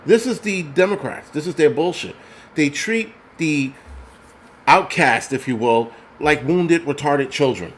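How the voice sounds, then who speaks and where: A man vlogs an angry, profane, rambling rant at his viewers, speaking casually to the camera. His voice is a bit high and his pace measured, with slight hiss or hum in the background.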